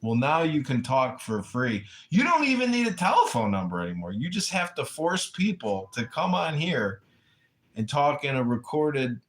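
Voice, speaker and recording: A man rambles through crude, meandering stories in a casual livestream monologue. His pitch swings widely and animatedly as he talks. He sounds offhand and unscripted. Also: very animated, moderate pace. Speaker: livestream host.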